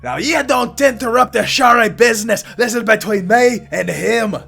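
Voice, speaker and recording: A man voicing a bitter, disheveled man with a grudge, loud and mocking, for a tabletop game. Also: very high voice, moderate pace, gravelly, breathy edge, soft background music, voice pushed up, heavily acted. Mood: hostile.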